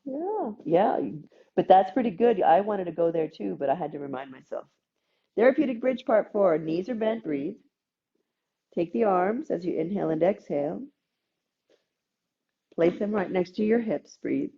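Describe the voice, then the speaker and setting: A woman teaching a gentle yoga class, calmly cueing breaths and movements with playful asides. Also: lowish voice, normal speed, long pauses, slightly rough, muffled recording. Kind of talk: guided yoga class instruction.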